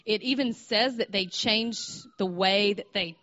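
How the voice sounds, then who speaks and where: A woman's voice: mid-range voice, unhurried, bright, forceful tone, dull audio. A woman in her thirties giving an informal sermon, telling a story in a conversational way, with restarts and questions put to her audience. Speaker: speaker at a church gathering.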